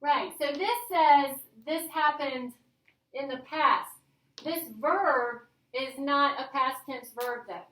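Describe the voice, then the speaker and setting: A woman with a high, bright voice leads a grammar class. She speaks slowly and coaxingly, and keeps checking that the class is following. The sound is roomy and echoey, picked up from some distance. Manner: upbeat, coaxing, checks in with "all right?". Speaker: teacher.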